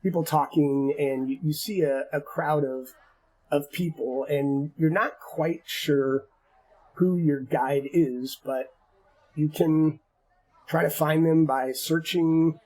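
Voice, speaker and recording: Husky-voiced man narrating a tabletop game. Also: a little high, fairly even intonation, a little mellow, low-quality recording. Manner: halting, repeats words often. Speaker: game master.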